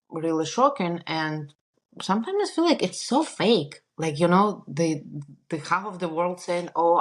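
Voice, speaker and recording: A woman from Russia, a native Russian speaker with a Russian accent, chatting as a podcast guest, laughing often and restarting her sentences. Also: on the low side. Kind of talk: casual interview chat.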